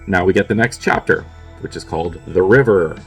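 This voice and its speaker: A man's voice: low voice, brisk, soft background music. A man casually recapping a movie plot for his review show, offhand and peppered with swearing and fillers.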